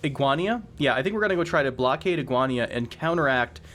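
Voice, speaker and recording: A man's voice: mid-range voice, lively intonation, fast talker, fairly bright tone. A man hosting a let's play, thinking aloud in a rambling way with frequent restarts, recorded at home on a sensitive desk microphone. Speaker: gaming channel host. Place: home room with air conditioner running. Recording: faint air conditioner hum. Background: faint air conditioner hum.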